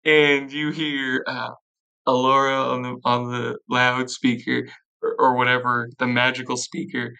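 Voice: medium pitch, fairly even intonation, a little slow, gravelly, sharp tone, poor audio. A game master narrating a tabletop game in rambling, loose narration.

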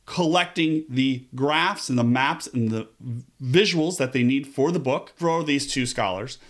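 A man hosting a podcast, talking in a casual, upbeat way with quick asides and restarts. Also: fairly high pitch, fairly bright tone. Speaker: podcast host.

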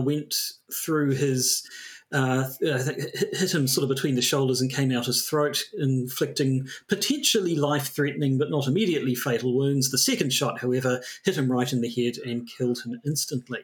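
Male podcast co-host, mid-pitched voice, hesitant and rambling, restarts often. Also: normal speed, fairly bright tone. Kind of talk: casual chat.

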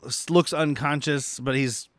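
A man's voice: mid-range voice, fairly even intonation, unhurried, fairly bright tone, dry recording. A man co-hosting a casual podcast, recapping a film in a rambling way, laughing often and acting out lines. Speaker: podcast co-host.

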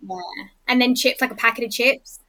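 This is an Australian woman with a bright, slightly high voice, chatting casually. She is talkative and laughs easily, and her voice often drops quiet as a thought trails off. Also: brisk. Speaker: podcast guest. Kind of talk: casual chat.

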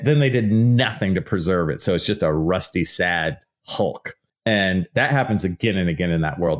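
A middle-aged man hosts his own podcast in a casual, lively monologue. His voice sits on the low side. He likes to act out silly mock quotes in put-on voices. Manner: animated, acts out mock quotes in goofy voices. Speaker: podcast host, archaeologist. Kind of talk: casual solo podcast talk.

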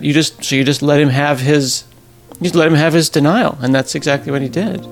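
A middle-aged man, a podcast host, telling a personal story in a casual, animated way and acting out the people he quotes. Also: a little high, normal speed, gravelly. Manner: animated, acts out quoted voices, laughs at himself.

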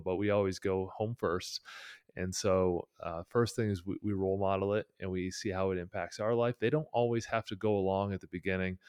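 Give me a man with a very deep voice who talks in an earnest, steady way and lays out practical steps in a casual interview. The sound is dry, with no room echo. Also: smooth. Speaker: podcast guest. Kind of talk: casual conversational advice.

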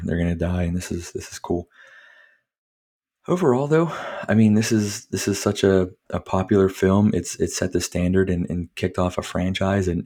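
A man's voice: low-pitched, warm tone. A man hosting a podcast, casually recapping a film in a rambling, profane way and laughing often. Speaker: podcast host.

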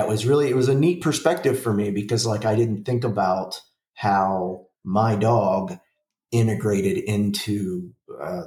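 A man in his forties talks loosely and profanely, stumbling through restarts and fillers as he tells his story. His voice sits low. He sounds set back from the microphone, in a room that echoes. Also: darkish tone, far from the mic. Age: 40s. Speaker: podcast co-host. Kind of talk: casual chat.

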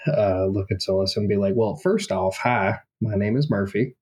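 A man's voice: fairly low pitch, moderate pace, a little mellow, husky. A man playing in a tabletop game, speaking in a casual, hesitant way. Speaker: player.

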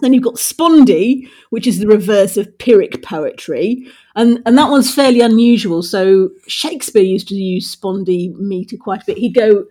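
A woman's voice: mid-range voice, moderate pace, warm tone. A woman, co-hosting a podcast and explaining poetry in a playful, teacherly way. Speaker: podcast co-host. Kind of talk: casual chat.

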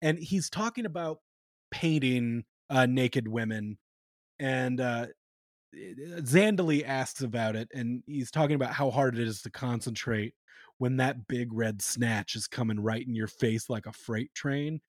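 A man co-hosting a podcast in casual chat, animated and joking, cursing freely. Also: medium pitch, a little slow, no echo, studio quality. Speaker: podcast co-host.

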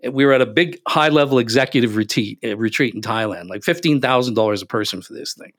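A man speaking as a podcast guest, telling stories with emphatic, animated delivery. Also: medium pitch, fast talker. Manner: animated, emphatic, acts out quotes. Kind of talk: casual interview storytelling.

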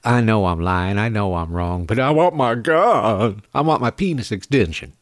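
A man mocking a smug gun lover with a low, sneering voice. The recording is dry, with no room echo. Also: lively intonation, moderate pace, natural voice.

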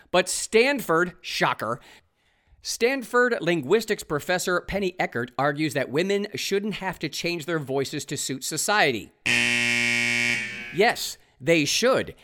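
A man's voice: on the high side, a bit bright. A man hosting a podcast, delivering an opinionated solo monologue in a sarcastic, ranting manner and reading articles aloud with running commentary. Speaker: podcast host.

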